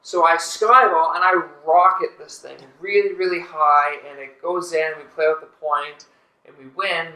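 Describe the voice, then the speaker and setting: Bright-voiced man telling a lively story. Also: fairly high pitch, normal speed, reverberant, low-quality recording. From Canada. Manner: animated, laughing while telling a story. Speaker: guest. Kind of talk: casual storytelling. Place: podcast studio.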